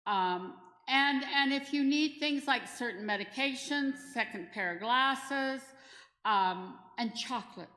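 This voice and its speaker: Middle-aged woman teaching a volunteer class, chatty and practical, bright slightly high voice, big echoey church hall. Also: takes it slowly. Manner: chatty, practical, tells personal anecdotes. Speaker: disaster response trainer. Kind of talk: informal training talk. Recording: echoey hall with long reverb.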